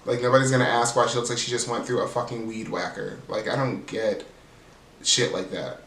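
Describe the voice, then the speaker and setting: A man's voice: mid-range voice, brisk, fairly bright tone. Snarky guy recapping housewives, cusses a lot, kinda distant mic, echoey room, light hiss. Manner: sassy, profane, mimics cast members in raised voices. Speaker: reality TV recap host. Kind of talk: casual episode recap. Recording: roomy, off-mic sound with faint background hiss.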